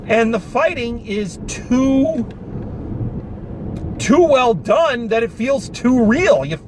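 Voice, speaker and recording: A man giving a casual, animated review of a film, talking with exasperation and some swearing, recorded in a car. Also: high-pitched. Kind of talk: casual spoken movie review. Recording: noisy car interior.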